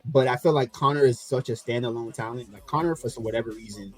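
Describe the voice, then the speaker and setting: A man's voice: mid-range voice, fast talker, no room sound. A man co-hosting a casual fantasy football podcast, arguing his points insistently and laughing often. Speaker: podcast co-host.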